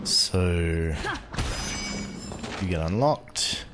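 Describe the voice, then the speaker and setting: A man giving casual gameplay commentary as a video host, thinking aloud in a musing, drawn-out way. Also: deep voice, lively intonation, over loud music.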